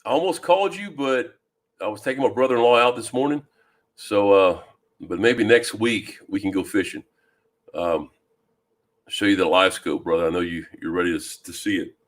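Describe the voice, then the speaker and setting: Man from louisiana, deep low voice, easygoing live-stream chat, reads comments aloud, lots of ums. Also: moderate pace. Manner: easygoing, greets viewers by name, many ums and restarts. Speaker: fishing channel host. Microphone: new microphone.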